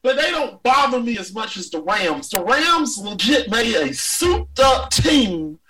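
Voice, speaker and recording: A man's voice: very high voice, a little slow, distant mic, low-quality recording. A man co-hosting a casual sports chat, ranting and swearing with lots of energy. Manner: profane, ranting, animated. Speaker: podcast co-host.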